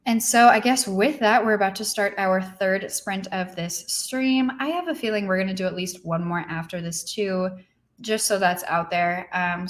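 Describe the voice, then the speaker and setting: Tired young woman chatting on a livestream. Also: medium pitch. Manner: chatty, reads viewer comments aloud. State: tired, low energy. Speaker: livestream host. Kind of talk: casual livestream chat. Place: her apartment. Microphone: computer mic.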